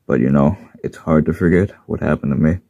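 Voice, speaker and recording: A friendly diesel engine, voiced by a man in a very deep, dark, husky voice, plain and earnest. The recording is dull and lo-fi. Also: a little fast, dry recording, heavily acted.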